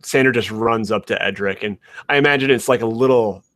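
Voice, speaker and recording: A man playing a tabletop game, narrating his actions quickly with laughs. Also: medium pitch, a bit bright, dry recording. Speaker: player. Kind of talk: casual tabletop role-play.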